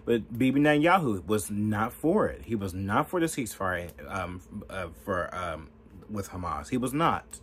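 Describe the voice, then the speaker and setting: A man's voice: on the low side, very animated, moderate pace, fairly bright tone, slightly rough. A man ranting through political commentary in a heated, profane way, filling his talk with "like". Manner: profane, heated, lots of fillers.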